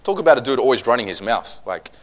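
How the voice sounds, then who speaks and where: A man preaching a sermon, telling stories with humor and swinging from loud outbursts to hushed asides. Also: mid-range voice, animated, fast talker.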